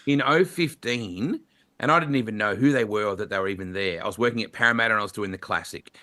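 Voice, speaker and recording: A man's voice: fairly low pitch, fast. A middle-aged Australian man, a motorsport commentator, telling stories in an interview and slipping into playful voices. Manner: animated anecdotes with playful voices. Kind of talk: storytelling interview answers.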